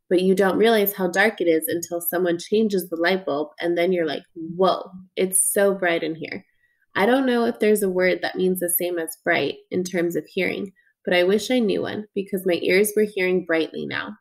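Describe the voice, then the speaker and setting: Woman narrating a kids' audiobook, youthful and earnest, chatty. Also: lowish voice. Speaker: audiobook reader. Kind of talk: first-person audiobook narration.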